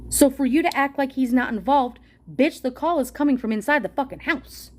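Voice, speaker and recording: A woman's voice: high voice, fairly quick. A woman delivering an angry, profane political rant straight to her viewers, heated and confrontational. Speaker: political commentator reading a policy document aloud. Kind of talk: angry direct-to-camera rant.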